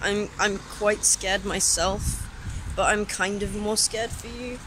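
A man's voice: high voice, steady tone, slow pace. A young man, chatting upbeat and rambling in a casual vlog outdoors. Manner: upbeat, rambling, filler-heavy. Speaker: vlogger. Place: outdoors by a seafront at night. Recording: noisy outdoor phone recording with passing traffic.

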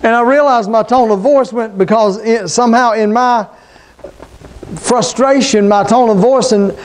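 This is a middle-aged pastor, preaching in a high-pitched voice. He keeps it conversational, tossing questions and call-outs to the people in front of him. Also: unhurried, a little hiss or hum. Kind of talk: sermon.

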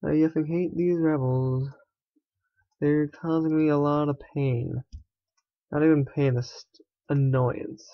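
A man's voice: on the high side, steady tone, slow pace, pauses often, no echo, dull audio. A young man giving casual, sarcastic commentary while playing a strategy game, often swearing and muttering to himself. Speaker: gaming let's player.

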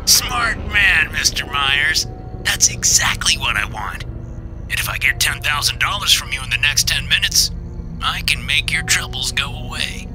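A man putting on a smug, sly dark-web fixer. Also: on the high side, lively intonation, normal speed, pitched above the performer's own voice, natural voice. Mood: smug taunting. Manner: taunting, half-whispered, smiling. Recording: clear music bed behind.

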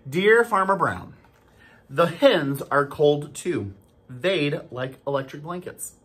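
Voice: medium pitch, expressive, takes it slowly, a bit bright, slightly rough, full character voice. A storybook reader voicing farm cows reading out a polite, formal letter. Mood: prim.

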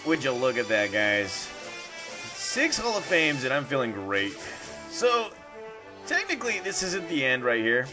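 A hyped-up man commentating his own video game run, boastful and full of repeated catchphrases. His pitch swings widely as he talks, and clear game music plays beneath his voice. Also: huge pitch swings, unhurried. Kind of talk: let's play commentary.

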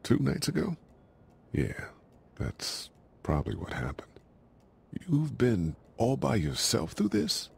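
An actor playing a calm adult man who watches over a child, speaking steadily and reassuringly. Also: medium pitch, takes it slowly, vocal fry, long pauses, slightly rough, full character voice.

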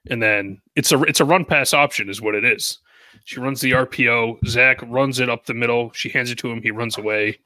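A man with a bright, forceful voice recounts a cartoon plot beat by beat, tossing in jokey asides. His delivery is casual chat, recorded dry and close. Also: mid-range voice, dry recording. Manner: narrates plot with jokey asides and quick impressions. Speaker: podcast co-host recapping the episode.

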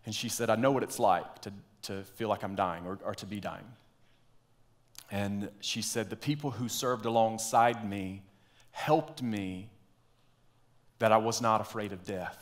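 A pastor delivers a sermon in a fairly low voice. He tells stories and sinks into quiet, earnest asides. His pitch sits below most men's. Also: fairly even intonation, a little slow. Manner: storytelling, drops to quiet earnest tones.

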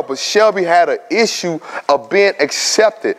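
A man in his thirties addresses high school students in a big school hall, the echo lingering long. He's a little slow yet barely pauses, animatedly telling stories, voicing the people he quotes, and joking with the audience.

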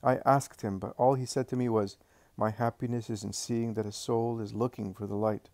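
A man voicing a blunt, curious older male apostle who speaks in a hushed, confiding way. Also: mid-range voice, little pitch movement, moderate pace, no echo, natural voice.

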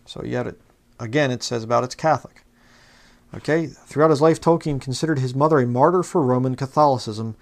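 Man, preacher, passionate, fired up, reads quotes aloud, mid-range pitch. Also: fairly quick, gravelly, darkish tone. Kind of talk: fiery religious commentary video.

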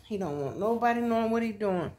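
A woman's voice: medium pitch, animated, fast, darkish tone. A tired woman vlogging at home on her phone camera, chatting casually and teasing her dog with playful exclamations. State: tired after work. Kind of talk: casual vlog chat at home. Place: home, indoors.

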